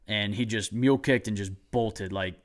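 A young man tells a hunting story in a loose, excited ramble, leaning on "like" between phrases. His voice sits a bit low. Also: normal speed. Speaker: podcast host telling a hunting story. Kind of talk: casual storytelling chat.

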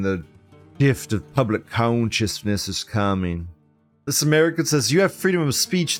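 This livestream host reads forum posts out loud on his online show, answering them with plenty of profanity and sarcasm. His voice shifts from booming ridicule to quiet grumbling.

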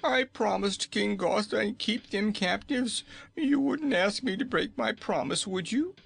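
A man's voice: high-pitched, a little slow, creaky, a bit bright, husky, no echo, pitched above the performer's own voice, full character voice. A man voicing a cowardly, whining male gnome king who pleads and trembles. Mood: pleading.

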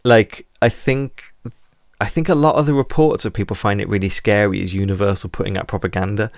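A man's voice: lowish voice, fairly even intonation, a little fast, creaky, no echo, clean studio sound. A man chatting casually about old horror films, rambling with lots of fillers and restarts. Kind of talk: casual film podcast chat.

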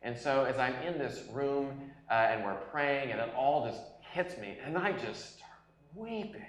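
A man in his forties preaching a sermon as a pastor, telling personal stories earnestly, at times loud and at times hushed. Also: medium pitch, lively intonation, unhurried. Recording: echoey room.

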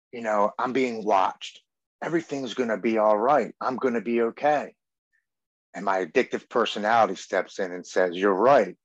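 On dull, muffled podcast audio with no echo, a mid-range male voice belongs to a guest in his forties. He earnestly tells his personal recovery story, acting out what he and others said.

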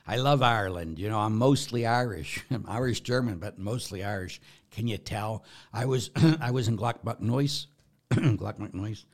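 A man's voice: on the low side, normal speed. A middle-aged man, a Catholic priest, preaching in a folksy, joking way with emphatic bursts. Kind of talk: informal preaching talk.

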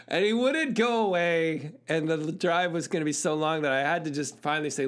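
A man's voice: on the high side, normal speed. A man hosting his own show, telling a personal story in an earnest, thoughtful way and laughing at himself now and then. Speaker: podcast host and musician. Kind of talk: reflective storytelling monologue.

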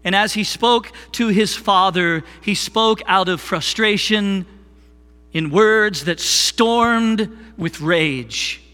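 A man preaching a sermon as worship pastor, slow and deliberate, leading the congregation in call-and-response. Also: high voice, pushed and bright, long reverb tail. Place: church sanctuary.

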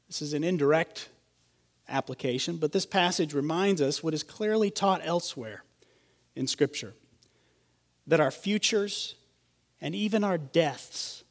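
A pastor preaches to his congregation in a steady, explanatory manner. His voice sits a little high for a man. He slows down and lands firmly on the key phrases. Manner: measured expository preaching, slowing for emphasis. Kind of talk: sermon.

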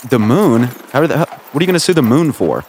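A male radio host questioning a caller with incredulous, hesitant stammering. His voice sits at an ordinary middle pitch and stays plain and conversational. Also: sing-song, quick pace, darkish tone, slight background noise. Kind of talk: comedic call-in interview.

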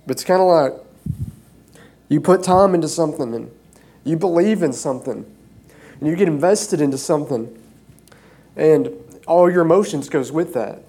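A man's voice: fairly high pitch, warm tone, slightly rough. Emotional, earnest male preacher. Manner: earnest, halting with frequent fillers. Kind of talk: informal sermon. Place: church stage.

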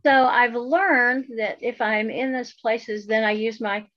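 A woman with a Southern Appalachian mountain accent and a fairly high voice, talking with outspoken, wry frankness. The sound is dull and lo-fi, like a modest home recording. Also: slow pace, no room sound. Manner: outspoken, wry, switches to a careful presenter voice. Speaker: podcast co-host. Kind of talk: casual chat.

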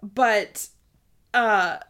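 A young woman co-hosts a casual book discussion podcast, bubbly and often laughing as she reads passages aloud. Her medium-pitched voice has a fairly bright tone, and she speaks very slowly.

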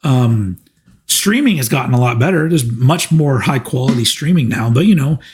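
A man's voice: medium pitch, animated, normal speed, darkish tone. A man in his forties hosting a casual livestream Q&A, talking in a rambling, profane way with lots of restarts. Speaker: channel host.

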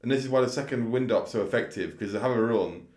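A man's voice: medium pitch, fast talker, darkish tone. A man chatting casually about horse racing tips, thoughtful and a little hesitant. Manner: thoughtful, hesitant, repeats words. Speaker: racing tipster. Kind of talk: casual chat. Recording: echoey room.

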